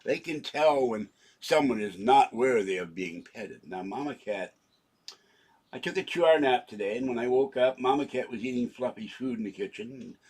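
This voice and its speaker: A man's voice: medium pitch, expressive, normal speed, darkish tone, slightly rough. Rambling, jokey older man. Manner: rambling, jokey, self-interrupting. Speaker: channel owner. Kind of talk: rambling home vlog monologue.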